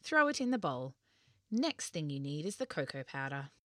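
A woman voicing a kind, gentle elderly grandmother who talks slowly and a little hesitantly. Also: low-pitched, sing-song, no room sound, clean studio sound. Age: older.

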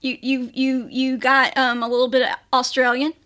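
High bright gravelly woman podcast host. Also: flat delivery, normal speed. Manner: giggly, swears casually. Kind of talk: casual chat.

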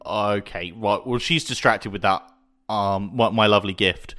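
A man's voice: fairly low pitch, moderate pace, pushed and bright. A man playing in a tabletop role-playing game, flustered and laughing with frequent exclamations. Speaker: player. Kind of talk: tabletop role-play chat.

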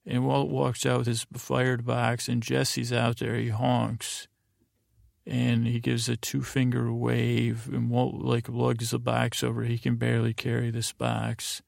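A man with a very gravelly, fry-laden voice, talking in a flat, level tone. He recaps scenes in a slow, wandering ramble full of restarts. The sound is close and completely dry. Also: medium pitch, no room sound. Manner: meandering, monotone, full of fillers and restarts. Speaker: podcast host.

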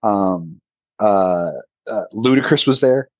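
A man's voice: lowish voice, takes it slowly, dry recording, dull audio. A man hosting a podcast in casual chat, telling stories in a chatty way and often laughing. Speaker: podcast host.

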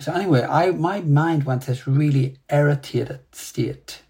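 A man, a podcast guest, telling a candid personal story in an animated, self-mocking way and laughing as he goes. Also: on the high side, moderate pace, few pauses.

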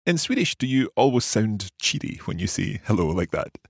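Deep-voiced, husky male lesson host. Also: very animated, moderate pace, dry recording, studio quality. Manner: curious, good-humoured, asks many questions. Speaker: podcast host and learner. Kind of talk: scripted language lesson chat.

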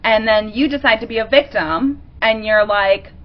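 A woman hosting a podcast, explaining ideas in a casual teaching monologue. She talks conversationally and slips into quick acted examples. Her voice sits fairly high, and the audio is dull and lo-fi. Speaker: podcast host.

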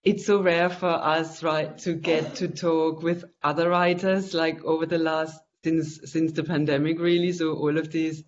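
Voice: mid-range voice, a little hiss or hum. Chatty book-event host on a dull call line. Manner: chatty, loose, with frequent fillers. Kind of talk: casual online book event chat.

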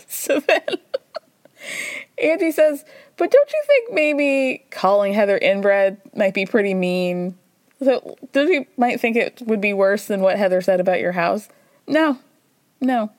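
A woman's voice: medium pitch, animated, takes it slowly, pauses often, no room sound. Gossipy woman podcast host, dry close mic. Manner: gossipy storytelling, acting out quotes with laughs. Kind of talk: casual reality TV recap.

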